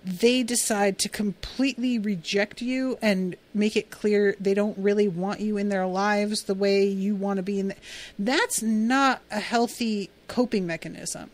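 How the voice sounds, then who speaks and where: A podcast host with a medium-pitched voice casually recaps a TV episode. She's chatty and heavy on fillers, and she slips into acting out quotes from the characters.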